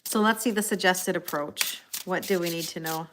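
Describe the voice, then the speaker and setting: A woman's voice: mid-range voice, animated, quick pace, hardly any pauses, a bit bright, a little hiss or hum. A middle-aged woman hosting a live tarot reading, chatting casually, laughing often and answering viewers' comments. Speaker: tarot reader hosting a livestream.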